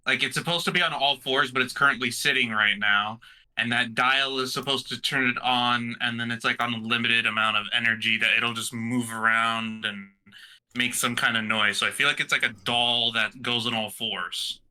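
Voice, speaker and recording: Bright-voiced rambling man. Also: mid-range voice, steady tone, moderate pace, rough recording. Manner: rambling, heavy use of "like". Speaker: player. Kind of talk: casual podcast banter.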